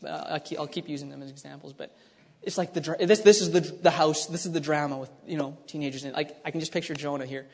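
A man preaching a sermon, animated and dramatic, acting out the lines he reads. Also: on the high side, quick pace, vocal fry. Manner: animated, acts out scripture voices, many restarts. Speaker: pastor. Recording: long hall reverb.

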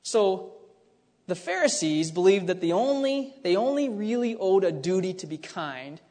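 A man's voice: sits high, animated, normal speed, darkish tone. Guy preaching, loose conversational teaching, lots of restarts, big echoey hall. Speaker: pastor. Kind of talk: sermon. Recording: long hall reverb.

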